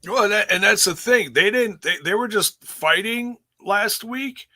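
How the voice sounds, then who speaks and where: A man with a slightly high, very bright voice chats as podcast co-host. He is hungover, joking and laid-back, and stammers over his words. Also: a little slow. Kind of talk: casual chat reviewing wrestling.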